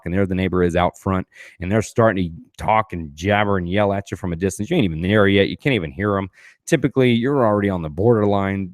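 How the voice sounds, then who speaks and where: A man with a fairly low voice talks through ideas from his own book on a podcast. He is casual and emphatic, swears often and keeps asking rhetorical questions. The sound is dry and close, with no room echo. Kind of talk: casual motivational talk.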